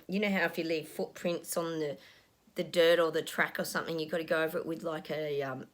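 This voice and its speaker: A woman's voice: on the low side, a bit bright. A middle-aged woman, a psychic talking casually to her viewers, frustrated and ranting, sometimes dropping to a whisper. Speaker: psychic channel host.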